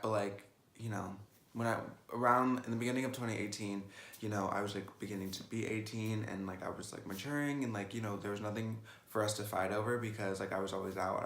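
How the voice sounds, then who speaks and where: A man's voice: on the low side, fairly even intonation, quick pace, vocal fry, a bit bright. Chatty eighteen-year-old guy, roomy echo. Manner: chatty and sassy, peppered with "like". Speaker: makeup vlogger. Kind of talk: casual storytime vlog.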